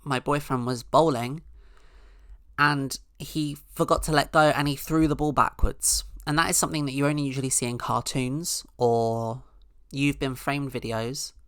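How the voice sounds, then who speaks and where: A woman's voice: a bass voice, fairly even intonation, normal speed, a bit bright, no room sound, clean studio sound. A woman hosting a podcast, telling a rambling, sarcastic comic story with mock-outraged asides. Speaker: podcast host. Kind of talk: casual comedic monologue.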